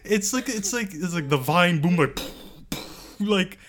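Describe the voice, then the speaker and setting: Sarcastic podcaster with a bright voice. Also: medium pitch, animated, measured pace. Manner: sarcastic, profane, laughing asides. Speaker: podcast co-host. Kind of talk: casual chat.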